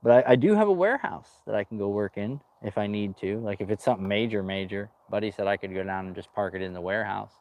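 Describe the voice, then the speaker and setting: Man, low voice, casual rambling vlog, outdoors, working on a boat, jokey. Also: quick pace, few pauses, a little mellow. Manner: chatty, rambling, says dude a lot. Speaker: boat restoration vlogger.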